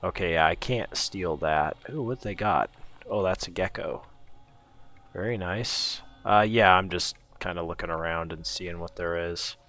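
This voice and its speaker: A man giving relaxed, casual let's-play commentary, musing to himself as he explores. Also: sits low, unhurried, soft background music. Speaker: gameplay commentator.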